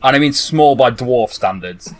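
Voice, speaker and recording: A man's voice: medium pitch, lively intonation, normal speed, music in the background. A man narrating a tabletop game as game master, rambling casually and swearing now and then.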